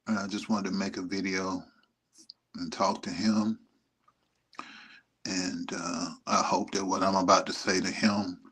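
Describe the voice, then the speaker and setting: Middle-aged man, husky and low-pitched, tender and emotional, a bit rambling. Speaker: vlogger. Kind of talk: heartfelt message to his son. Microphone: streaming setup.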